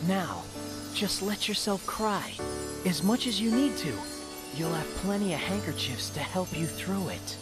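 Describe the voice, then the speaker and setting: A man's voice: high-pitched, expressive, a little slow. A man voicing a cocky young male hedgehog hero in a game cutscene, with a playful, teasing way of talking. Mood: gentle. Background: game music.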